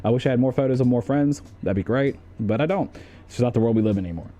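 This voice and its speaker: A man's voice: medium pitch, quick pace, warm tone. A young man streaming, chatting casually in a jokey, profane way.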